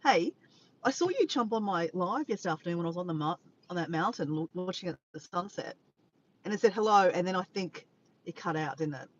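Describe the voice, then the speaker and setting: A woman's voice: on the low side, lively intonation, quick pace. Tired aussie woman rambling on a phone live in her car, greets everyone, voice bounces around a lot, bit muffled. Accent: Australian. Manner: chatty, rambling, greets viewers by name, corrects herself. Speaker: vlogger livestreaming to viewers. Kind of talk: casual chat to a live audience. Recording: dull lo-fi with faint background noise.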